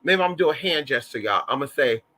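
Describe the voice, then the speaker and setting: A man's voice: medium pitch, animated, very fast, bright, forceful tone. A man chatting casually to his viewers in a sassy, flamboyant way, swearing freely and calling them honey. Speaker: vlogger. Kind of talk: casual livestream chat.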